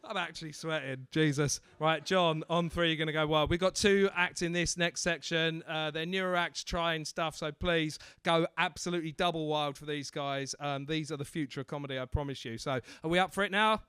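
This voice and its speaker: A man working as the MC at a stand-up comedy night, bantering loudly with the crowd and mocking himself. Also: on the high side, fairly even intonation, brisk, few pauses, smooth, dry recording. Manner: loud, swearing, self-mocking banter. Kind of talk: crowd work between acts. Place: comedy club.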